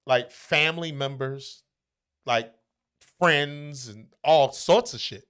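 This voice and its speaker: A man's voice: mid-range voice, slow pace, a bit bright, smooth. A man talking casually, blunt and profane, with emphatic, brash delivery. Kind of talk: casual chat.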